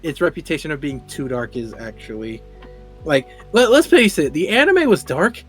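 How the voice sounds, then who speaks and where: A fairly high-voiced man chatting on a casual podcast. He gets animated, laughs often and repeats words as he builds to a point. Faint music plays underneath. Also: normal speed, breathy edge. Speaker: podcast co-host.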